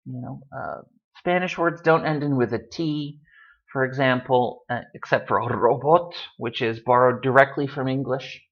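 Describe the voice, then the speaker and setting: A man teaching a language lesson, patiently explaining and slowly repeating example words for emphasis. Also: medium pitch. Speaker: Spanish tutor. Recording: dull lo-fi audio.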